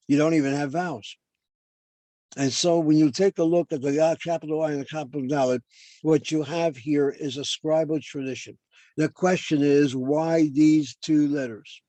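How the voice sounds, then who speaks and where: A man's voice: fairly high pitch, mellow, no echo. An older man lecturing as a professor over a video call, explaining points and then asking and answering his own questions.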